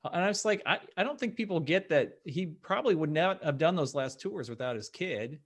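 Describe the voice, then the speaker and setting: A man's voice: on the high side, animated, fairly quick. A middle-aged man hosting a live video panel, talking earnestly and casually like a devoted fan. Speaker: host. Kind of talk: casual panel chat, wrapping up the show. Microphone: video call.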